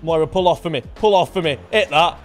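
A young man commentating his own football video game match, muttering under his breath and then bursting into shouts. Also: quick pace, faint music behind. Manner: excitable, swings from low muttering to shouted outbursts. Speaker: gaming YouTuber. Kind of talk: live gameplay commentary.

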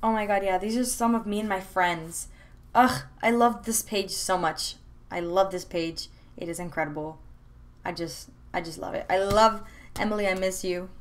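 A woman's voice: medium pitch, normal speed. Chatty young woman gushing over sketches. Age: young adult. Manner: chatty and rambling, with many fillers and restarts; gushing and enthusiastic. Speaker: art vlogger. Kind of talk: casual chat. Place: room at home.

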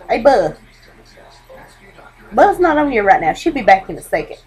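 Teen girl, webcam vlog at home, high-pitched, hyper and rambling. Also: big pitch swings, measured pace, long pauses, rough recording. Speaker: vlogger. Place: dark bedroom at home.

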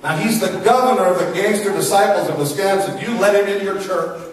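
Brief: high, lively-voiced male preacher telling stories from the pulpit, heard from afar in an echoey church. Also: quick pace. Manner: animated, laughing, bursts into shouting. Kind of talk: storytelling sermon. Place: church sanctuary. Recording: echoey church from far off, noisy.

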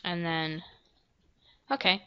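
A woman giving casual, self-deprecating commentary while she plays a video game, now and then breaking into loud yelps. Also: on the low side, fairly even intonation, slow, clean tone, highs cut off. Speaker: gameplay video creator. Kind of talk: casual let's-play commentary.

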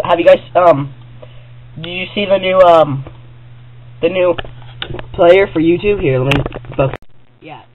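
High-pitched, excitable vlogger, rambly and chatty, on slightly muffled camera audio. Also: male voice, slight background noise. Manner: excitable, rambling, addresses viewers directly. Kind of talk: casual rambling to-camera vlog. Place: own bedroom.

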